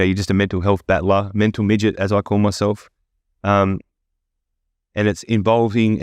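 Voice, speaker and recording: A man hosting a podcast, rambling and swearing freely in a casual chat while high on edibles. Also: darkish tone, dry recording. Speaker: podcast host.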